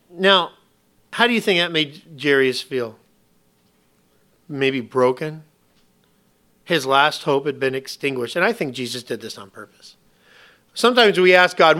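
Animated bright-voiced male preacher. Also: on the high side, moderate pace, long pauses. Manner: animated, conversational preaching with rhetorical questions and humor. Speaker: pastor. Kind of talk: sermon.

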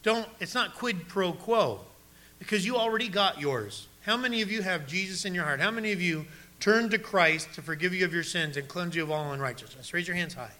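A man preaching a sermon, reading scripture and questioning his congregation directly, sometimes dropping to a soft, low voice. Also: animated, fairly quick. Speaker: pastor.

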